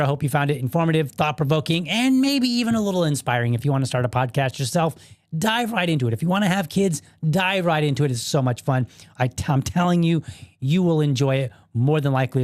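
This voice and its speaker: A man's voice: fairly high pitch, dry recording, clean studio sound. A man, in his thirties or forties, hosting a casual solo podcast, rambling and restarting his sentences as he talks. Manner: rambling, repeats words and restarts. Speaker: podcast host.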